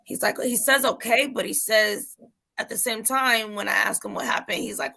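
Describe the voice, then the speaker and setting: A mother in casual chat, telling an animated story and acting out her son's voice. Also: fairly high pitch, moderate pace, vocal fry.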